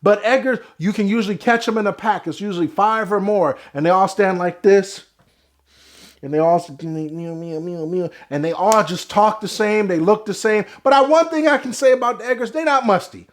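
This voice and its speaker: A young man giving a loud, brash, profane comedic rant to camera. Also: sits high, brisk. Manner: loud, brash and profane, with sudden swings in volume. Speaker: vlogger.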